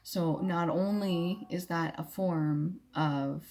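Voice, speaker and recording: A woman's voice: fairly low pitch, fairly even intonation, slow, dark tone. A young adult woman telling a personal story casually, blunt and candid, swearing freely. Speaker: vlogger. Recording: music playing behind.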